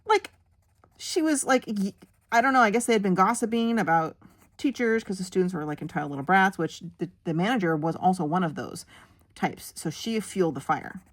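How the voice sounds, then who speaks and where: A woman's voice: mid-range voice, fairly quick. Chatty woman telling a rambling story. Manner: animated, rambling anecdote with many fillers and acted-out quotes; drops to a whisper for asides while working. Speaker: coloring channel host. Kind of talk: chatty storytelling while coloring.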